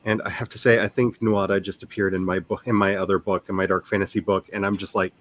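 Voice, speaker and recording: A woman with a Southern US accent, an author chatting casually on a writing livestream, animated and self-mocking. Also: rumbling low, fast talker.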